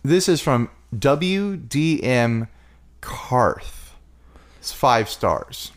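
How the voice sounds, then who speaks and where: This is a man co-hosting a relaxed podcast, his voice at an ordinary male pitch. His intonation swings widely as he talks. He teases his co-host, laughs a lot, and keeps the chat light. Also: very slow. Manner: animated, laughs often, teasing. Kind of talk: casual podcast banter.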